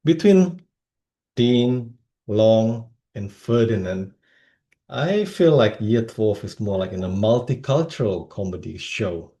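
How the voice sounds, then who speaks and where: Speaker from Indonesia, lively comic storyteller, slow deliberate pace, animated pitch. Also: male voice. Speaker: club speaker. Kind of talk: humorous speech.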